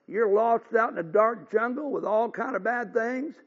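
A man's voice: high-pitched, normal speed. An older man preaching a revival sermon as pastor, folksy and earnest, building to fervent exhortations. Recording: dull lo-fi recording.

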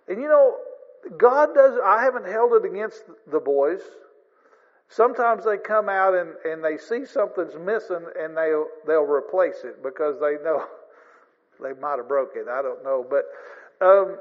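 A man preaching a sermon in an earnest, folksy way, rising in emphasis. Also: high voice. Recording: long reverb, dull lo-fi sound.

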